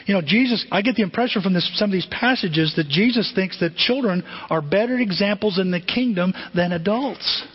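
A man's voice: high-pitched, a little fast, hardly any pauses, breathy edge. A man preaching a sermon as a pastor, talking in a conversational way and asking the congregation questions. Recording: dull lo-fi sound.

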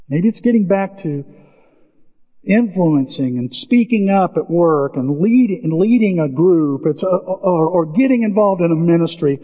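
High, lively male preacher in a hall. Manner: animated storytelling, acts out biblical voices. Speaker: pastor. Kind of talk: sermon. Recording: dull, reverberant church recording.

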